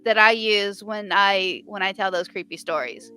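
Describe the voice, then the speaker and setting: Bright, clear-voiced woman chatting. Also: mid-range voice, moderate pace, soft background music. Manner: chatty, rambling with restarts. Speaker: writer in a live writing stream. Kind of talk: casual chat.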